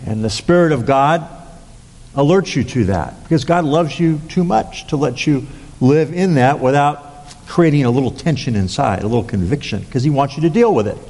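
A man preaching a sermon as a pastor, halting with many fillers and restarts. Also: lively intonation, darkish tone. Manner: acts out quoted lines with raised pitch. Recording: long hall reverb.

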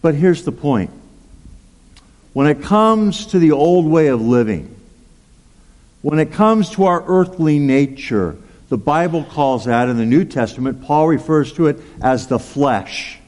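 Slow-talking preacher in a big reverberant hall. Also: male voice, fairly high pitch, expressive, a little mellow. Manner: storytelling, chatty, with asides and frequent "okay?" and "right?". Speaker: pastor. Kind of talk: sermon with personal story. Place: large church hall.

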